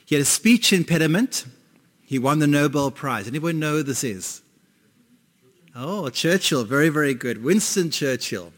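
A man's voice: on the high side, animated, normal speed. A man preaching a sermon to a congregation, conversational and asking them questions. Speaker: pastor. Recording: long hall reverb.

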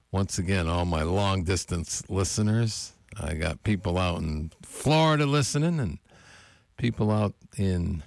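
A male radio DJ with a low, gravelly voice hosts a morning show from a small college studio. He talks in a relaxed, friendly way, sending shout-outs to listeners between songs. The sound is dry and close to the mic. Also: dry recording. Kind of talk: laid-back radio show chat.

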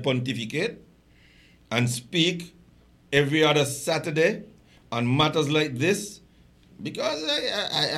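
A passionate man talks as a radio show guest in a bright, fairly high voice. He presses his points hard, often stumbling over repeated words. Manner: passionate, emphatic, stammering repeats. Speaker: guest, political activist. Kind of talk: impassioned radio talk.

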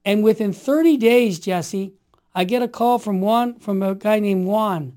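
A man in his sixties telling stories in an interview, emphatic and fervent, building to forceful outbursts. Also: high voice, unhurried. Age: 60s. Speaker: guest. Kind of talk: impassioned storytelling in conversation.

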